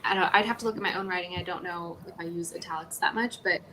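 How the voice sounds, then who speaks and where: A woman's voice: on the low side, steady tone, fast, noisy background. A woman co-hosting a live writing stream, thinking aloud in a casual, musing and slightly rambling way. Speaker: writer co-host of a writing stream.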